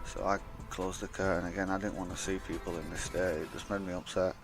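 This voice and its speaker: A man's voice: low-pitched, flat delivery, fast talker, music in the background. A young man telling a rambling, blunt, sweary story in a casual vlog. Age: young adult. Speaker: vlogger.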